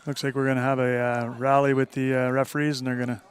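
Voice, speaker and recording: A man's voice: medium pitch, fast talker, clean tone. Folksy play-by-play man. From Northern Ontario. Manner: easygoing, folksy, steady. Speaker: play-by-play commentator. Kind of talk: live football commentary.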